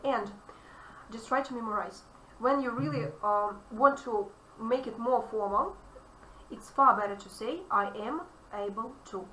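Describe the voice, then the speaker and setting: A woman English teacher with a Russian accent, explaining grammar to a student in an animated, emphatic way. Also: a little high, a little slow. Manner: animated, emphatic, repeats key phrases. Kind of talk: online grammar lesson. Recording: echoey room, distant mic, faint noise.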